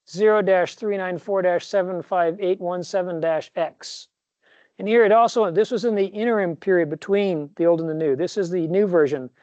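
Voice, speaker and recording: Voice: medium pitch, darkish tone, no echo. Professor, classroom lecture, rambling, self-correcting, jokey asides, dry sound, dull lo-fi recording.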